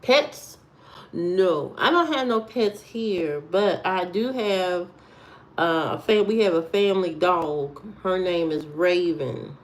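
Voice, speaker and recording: Woman livestream host, casual and unhurried, low-pitched, answering chat in a hushed voice. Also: rough recording. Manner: reads and answers chat comments aloud, lowered voice.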